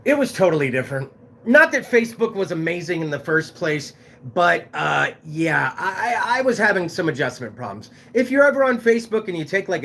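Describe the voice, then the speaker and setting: A man hosting a casual livestream, talking in a loud, shouting way and swearing freely. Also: sits high. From Fresno, California. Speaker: live show host.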